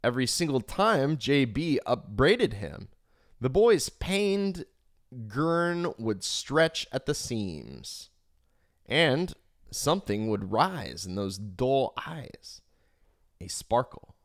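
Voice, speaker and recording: A man reading an audiobook aloud expressively, swinging his pitch for emphasis, on a home microphone. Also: big pitch swings, slow, no room sound, studio quality. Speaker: audiobook reader. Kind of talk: audiobook narration. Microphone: home microphone, live stream.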